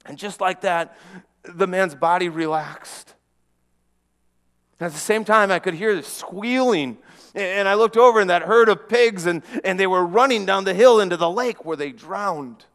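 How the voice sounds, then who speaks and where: Man, fairly high voice, earnest first-person storyteller, long church reverb. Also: moderate pace. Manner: earnest, with frequent restarts and dramatic hushes. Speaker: preacher in a first-person monologue.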